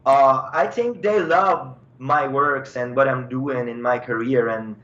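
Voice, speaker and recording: A man from Switzerland, a guest artist, talking casually in an interview, relaxed and trailing off with fillers. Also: medium pitch, slow pace, highs cut off.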